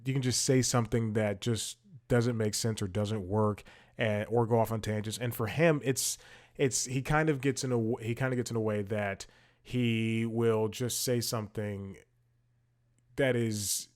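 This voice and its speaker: A man's voice: on the low side, steady tone, unhurried, a little mellow. A man hosting a casual commentary podcast, rambling with many restarts and fillers while he scrolls and multitasks. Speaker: podcast host.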